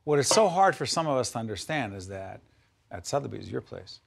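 A man's voice: medium pitch, sing-song, brisk, creaky, breathy edge. A middle-aged man hosting a TV interview, enthusiastic and playful, often jumping in. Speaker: TV interview host.

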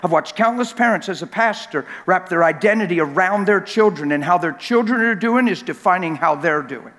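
A man with a high voice preaching a sermon in a large church hall, and his words ring out with a long reverb. He preaches with passion and acts out little scenes and voices to drive his points home. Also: expressive, fairly quick, a bit bright. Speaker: pastor.

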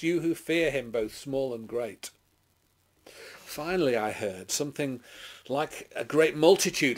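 An English man, a clergyman, reading scripture dramatically and then preaching a short sermon, declaiming loudly and rising on exclamations. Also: fairly high pitch. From England. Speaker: clergyman giving a short Bible reflection.

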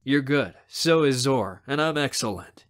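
A man's voice: medium pitch, animated, unhurried, lightly acted. A man doing a cocky, bossy teen boy. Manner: brash, commanding.

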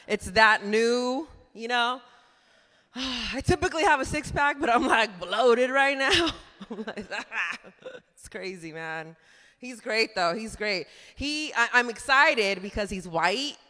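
A woman performing a stand-up comedy set, chatty and animated, laughing at her own jokes on a club stage. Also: a little high, takes it slowly. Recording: reverberant club room.

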